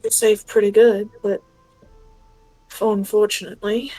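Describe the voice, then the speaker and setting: A woman voicing a calm, quietly menacing male go-between in a tabletop game, speaking unhurriedly. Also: medium pitch, a little slow, dry recording, soft background music, lightly acted, rough recording.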